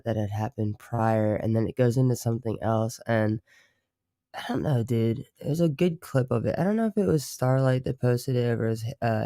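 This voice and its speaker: A man chatting casually on a livestream, halting and rambling, swearing freely and trying out fake British and other accents. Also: mid-range voice, dark tone, no room sound, studio quality. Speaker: streamer.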